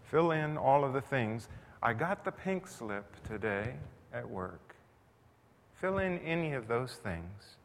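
A man's voice: medium pitch, sing-song, takes it slowly. A man preaching a sermon in a conversational style that builds to intense emphasis. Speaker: pastor. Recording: long reverb, faint noise.

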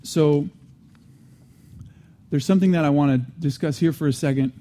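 This teaching sermon comes from a Christian teacher, a man whose warm, mellow voice is fairly high-pitched and moderately paced. Earnest in manner, he keeps returning to his main points, with frequent restarts, fillers, and conversational asides in between.

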